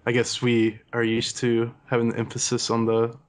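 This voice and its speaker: A man talking in a relaxed, hesitant way during a casual online chat with friends. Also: medium pitch, normal speed. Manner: relaxed, laid-back, hesitant with fillers. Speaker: co-host.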